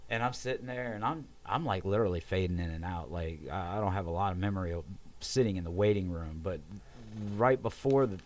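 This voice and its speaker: Low-voiced man telling a story casually. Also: brisk. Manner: animated, swearing, acts out quotes in raised voices. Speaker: podcast guest.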